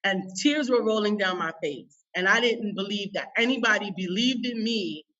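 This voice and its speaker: Bright-voiced woman telling a story. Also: medium pitch, moderate pace, far from the mic, dull audio. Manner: emphatic, emotional, folksy. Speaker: business coach guest. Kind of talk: animated personal storytelling.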